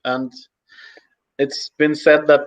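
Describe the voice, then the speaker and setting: A man in his forties with a Swedish accent, a podcast guest in casual chat, halting and full of fillers, quick to laugh. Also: fairly high pitch, level tone. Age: 40s. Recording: muffled lo-fi audio.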